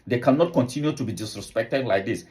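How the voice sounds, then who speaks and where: A man from Africa speaks at a middling pitch in an opinion commentary. He presses his case insistently, stacking rhetorical question on rhetorical question and repeating words as he pushes forward. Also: quick pace, darkish tone. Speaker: political commentator.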